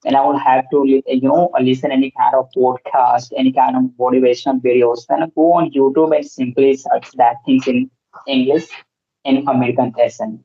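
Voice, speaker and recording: A man's voice: mid-range voice, level tone, brisk, warm tone. A man chatting earnestly in a casual conversation, speaking learner English with many fillers. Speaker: host. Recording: muffled lo-fi audio.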